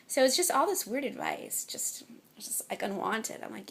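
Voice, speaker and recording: A young woman and mother chatting casually to camera, telling stories in an exasperated, animated way. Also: medium pitch, brisk, vocal fry, slightly rough. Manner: chatty, exasperated storytelling with mock-quoted voices. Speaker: mother vlogging.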